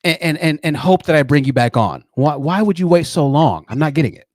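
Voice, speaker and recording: A man hosting a call-in debate stream, mocking and pressing his caller with fast repeated words. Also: on the high side, animated, a little mellow, dry recording, clean studio sound. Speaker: channel host.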